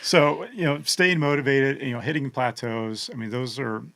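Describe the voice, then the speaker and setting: A man with an American accent co-hosting a podcast, talking in a relaxed, joking way with many "I mean" and "you know" asides. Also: medium pitch, normal speed. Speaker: podcast co-host. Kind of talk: casual podcast chat.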